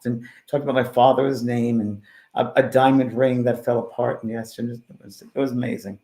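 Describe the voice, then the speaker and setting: A man who is a spiritual medium, telling stories in a casual interview and swinging between loud and hushed. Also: mid-range voice, little pitch movement, a little fast. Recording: roomy echo.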